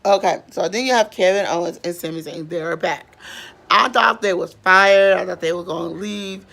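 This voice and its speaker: A woman's voice: on the low side, moderate pace, creaky, fairly bright tone. A young woman recapping events on her vlog, chatty and rambling with lots of fillers, her voice a bit strained. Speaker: vlogger.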